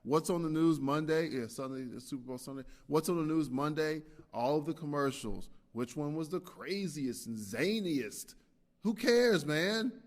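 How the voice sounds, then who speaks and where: A man hosting his own podcast, rambling and animated, swinging between loud rants and quiet muttered asides. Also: fairly high pitch. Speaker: podcast host. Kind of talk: casual solo podcast monologue. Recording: long reverb from a hall-like room.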